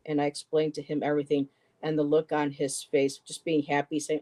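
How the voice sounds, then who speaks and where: A woman in her fifties, co-hosting a live poetry stream, telling a personal story casually, halting often with "you know" and restarts. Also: low voice, flat delivery, mellow. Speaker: poetry show co-host.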